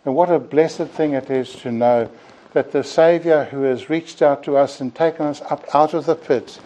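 A man preaching an evening sermon in an earnest, deliberate way, often closing his points with "you see". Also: fairly high pitch, mellow, poor audio.

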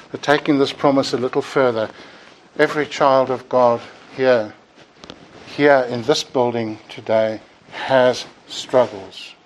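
A man preaching to a congregation with earnest, emphatic delivery. His pitch sits mid-range. He circles back on words as he builds to each point, over a faint hiss of background noise. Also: rough recording. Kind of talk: sermon. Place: church building.

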